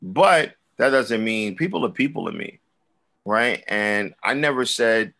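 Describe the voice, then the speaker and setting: Low-voiced man chatting loosely. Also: expressive, a little slow, vocal fry, fairly bright tone. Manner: loose and rambling, with many restarts and "like". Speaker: recording artist guest. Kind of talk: casual interview chat.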